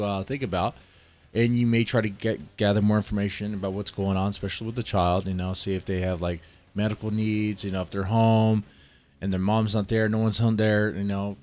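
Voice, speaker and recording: A man's voice: lowish voice, a little mellow. A man who works as a child protective services caseworker, casually explaining how he questions children, thinking aloud step by step.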